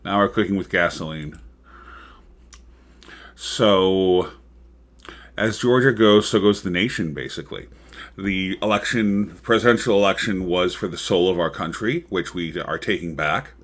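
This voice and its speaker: A man's voice: low-pitched, unhurried, fairly bright tone. A man hosting his own livestream talk show, chatting casually about politics with frequent ums and rambling asides.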